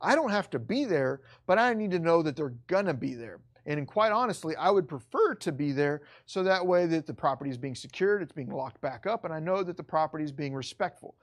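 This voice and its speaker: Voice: mid-range voice, animated, brisk, hardly any pauses. A real estate instructor giving an online course lecture, talking emphatically and bluntly, often repeating key points.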